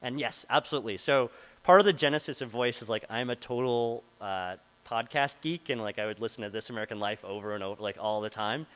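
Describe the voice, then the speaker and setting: A man's voice: medium pitch, quick pace, a bit bright, low-quality recording. A man presenting at a meetup, answering audience questions in a loose, chatty way with plenty of fillers. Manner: casual, filler-heavy, many likes and ums. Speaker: product manager presenting. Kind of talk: meetup Q&A talk. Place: meeting room before a live audience.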